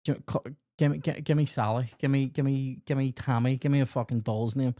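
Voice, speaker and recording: A man's voice: medium pitch, steady tone, a little fast, dark tone, no room sound, clean studio sound. A man, a comedy podcast host telling rambling, sweary childhood anecdotes and acting out the dialogue. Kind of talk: casual storytelling chat.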